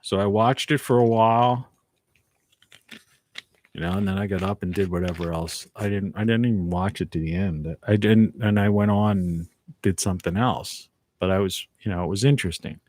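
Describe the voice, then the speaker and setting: A man's voice: deep voice, moderate pace, a little mellow. A man hosting a casual live stream from home, rambling and reflective, often trailing off mid-thought. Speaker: live video host.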